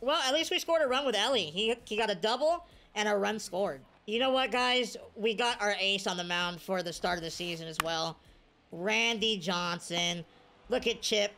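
A woman commentating her own video game play, excitable and cheering on or scolding her players. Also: mid-range voice, fairly quick, few pauses, slight background noise. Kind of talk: casual gameplay commentary.

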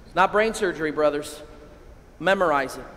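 A man who is a priest, giving an animated keynote sermon and leading his audience in call-and-response. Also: on the high side, normal speed. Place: large hall. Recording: echoey hall.

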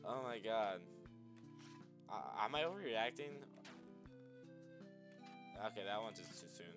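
A man's voice: on the low side, animated, measured pace, over music. A man giving casual, sarcastic let's-play commentary, mumbling and swearing as he plays. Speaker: gamer, video creator.

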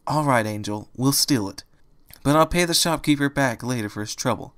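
A man voicing a meek, gentle young female pony in a fan audiobook reading, speaking softly, slowly and timidly. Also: mid-range voice, natural voice. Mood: earnest. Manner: soft, slow, timid and pleading.

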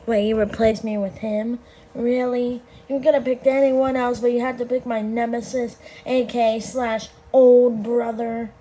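Grumpy animatronic rabbit, played by a woman, hesitant, dark, mellow tone. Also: a little high, level tone, low-quality recording. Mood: indignant. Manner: hesitant, halting, defensive.

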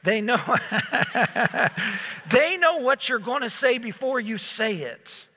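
A man preaching a sermon in a church, telling stories in a lively, conversational way. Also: extremely high pitch, slow pace, big-room sound. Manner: conversational, animated storytelling. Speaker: pastor. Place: church sanctuary.

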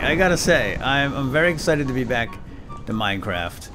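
Man, let's play host, animated and joking, big pitch swings. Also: unhurried, long pauses, faint music behind. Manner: animated, jokey, exclaims and laughs often. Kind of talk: casual gameplay commentary.

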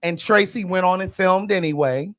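A man's voice: high-pitched, moderate pace, a bit bright. A man hosting a podcast, giving blunt, sassy, gossipy commentary in a casual chat. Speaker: podcast host.

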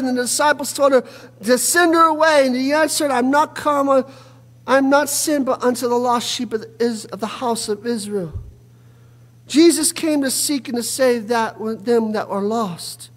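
High, bright-voiced preaching man in church. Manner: preaching with frequent "uh" fillers and sudden shouted bursts. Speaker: pastor. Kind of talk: fervent evening sermon. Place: church sanctuary. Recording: long hall reverb from a church.

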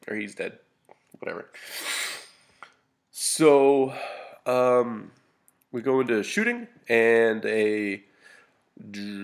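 Sniffly man with a gravelly low voice. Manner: casual, many fillers and restarts, dry humor. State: a little sniffly. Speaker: hobby gamer reporting a battle. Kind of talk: casual narrated battle report over photos.

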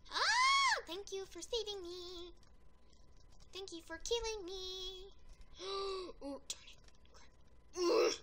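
A woman giving excitable gameplay commentary, yelling and gasping at wins and deaths and rambling chattily between rounds. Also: extremely high pitch, slow pace, pauses often, slight background noise. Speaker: gaming video creator.

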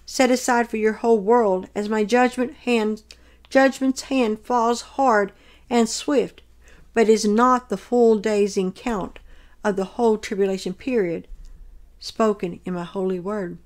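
Jesus, gentle divine voice read by a woman. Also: mid-range voice, steady tone, measured pace, natural voice. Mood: solemn.

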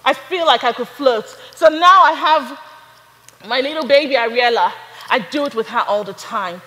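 A young adult woman preaching a sermon, building from storytelling to fervent, shouted praise. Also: high-pitched, moderate pace, big-room sound, low-quality recording.

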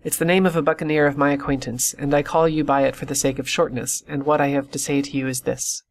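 No-nonsense doctor, read by a guy scolding crisply, kinda high voice. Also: little pitch movement, fast, close to an everyday voice. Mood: stern. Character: brisk, stern country doctor, middle-aged man.

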